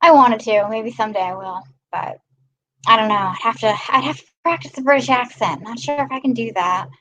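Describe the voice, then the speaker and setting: A woman's voice: on the high side, fairly quick, a bit bright, rough recording. A woman hosting a casual live stream, chatting and greeting viewers by name. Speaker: live-stream host filling in.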